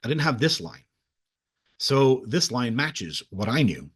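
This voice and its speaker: A man hosting his own video, telling a rambling story in a halting way with many restarts. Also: mid-range voice, big pitch swings, husky. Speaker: video host. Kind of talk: casual storytelling monologue.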